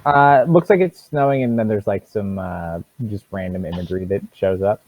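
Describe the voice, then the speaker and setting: A man's voice: on the low side, fairly quick, no room sound. A man narrating as game master in a tabletop game, loose and full of fillers. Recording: tinny phone-like mic, dry.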